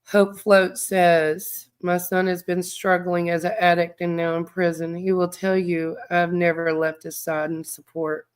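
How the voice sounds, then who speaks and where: Middle-aged woman, livestream host; unhurried, lower voice, emotional and stuffy-nosed, reads chat aloud. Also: flat delivery, clear, resonant tone. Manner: heartfelt, reads viewer comments aloud. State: congested, near tears. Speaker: true crime livestream host.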